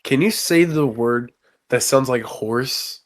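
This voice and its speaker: A man's voice: medium pitch, slow pace. Rambling young man in casual chat. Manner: rambling, lots of fillers. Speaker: podcast co-host.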